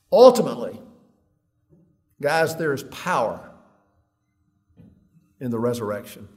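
A man preaching a sermon in an earnest way, reading long quotes aloud like a story and dropping low and quiet on heavy words. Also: sing-song, takes it slowly, long pauses.

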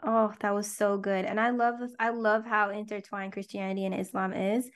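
A woman co-hosting a podcast, chatting casually and telling personal stories in an open, expressive way. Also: medium pitch, normal speed. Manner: expressive storyteller, warm and open. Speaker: podcast co-host.

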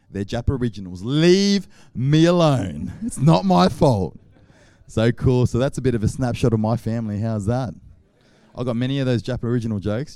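Animated Australian man telling stories. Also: mid-range voice, dry recording. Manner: animated, acts out scenes with sound effects. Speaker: pastor. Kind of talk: humorous sermon storytelling.

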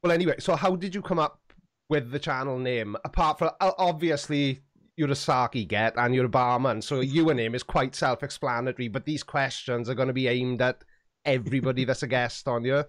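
A man's voice: medium pitch, steady tone, a little fast, no echo, studio quality. A man hosting his own live-streamed podcast, chatting casually with a rambling, self-deprecating manner. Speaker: podcast host.

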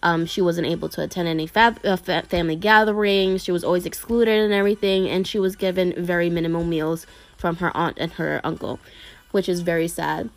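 A woman's voice: on the low side, steady tone, a little fast, dry recording. A woman retelling a story to her viewers in a casual, rambling way, full of fillers and restarts. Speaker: anime video creator talking to viewers.

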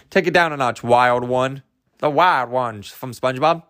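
A man's voice: mid-range voice, takes it slowly, a bit bright, no room sound, clean studio sound. A young man hosting a solo podcast, rambling in a goofy, self-amused way and laughing at his own jokes. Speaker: podcast host.

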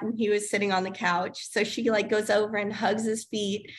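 A woman in her thirties talking casually as co-host of a parenting podcast. Her voice sits in an ordinary middle pitch, and she rambles warmly through stories with fillers and frequent laughs. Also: level tone, moderate pace, hardly any pauses. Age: 30s. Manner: chatty, many fillers, laughs often. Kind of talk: casual chat.

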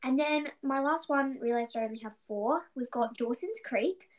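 A young woman co-hosts a casual podcast, and her voice is noticeably high. She gushes and gets excitable about what she loves, in an easy, chatty way. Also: normal speed. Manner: gushing, excitable, fangirly. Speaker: podcast co-host. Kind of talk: casual chat.

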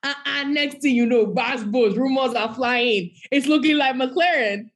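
A woman co-hosts a casual podcast chat. Her voice sits a little high, and she talks in an animated way, slipping into sung snippets and mock quotes. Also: measured pace. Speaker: podcast co-host.

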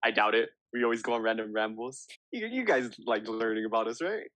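A man's voice: mid-range voice, a little fast, fairly bright tone, no echo. Guy cohosting a chill podcast, sarcastic jokey comments, dry close sound. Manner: joking, sarcastic asides. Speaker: podcast co-host. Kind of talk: casual chat.

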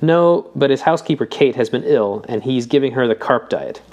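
Male narrator as eager young reader, brisk, lifts on questions. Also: darkish tone, natural voice. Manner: reads old text aloud, rising in pitch with questions.

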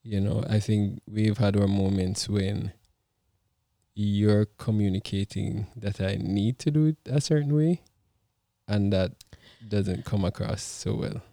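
Measured man calmly holding his point. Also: on the low side, no room sound, studio quality. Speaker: podcast co-host. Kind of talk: casual couple's podcast chat.

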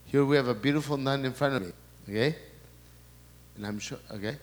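A man's voice: mid-range voice, a little fast, in a large hall. A man, a priest, giving a sermon talk before a live audience, often breaking off and repeating his words as he relays quoted messages.

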